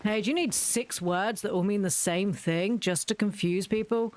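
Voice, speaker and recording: A woman's voice: medium pitch, moderate pace, hardly any pauses, a little mellow. A young woman chatting casually as she plays a game, ranting and laughing often. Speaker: gaming video creator. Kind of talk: casual gameplay commentary.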